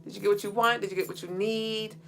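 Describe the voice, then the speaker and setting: A woman's voice: mid-range voice, steady tone, fast talker, creaky, a little hiss or hum. A woman hosting a casual livestream, reading viewer comments and laughing often. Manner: playful, laughs often, sings along and leads the chat. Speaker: livestream co-host.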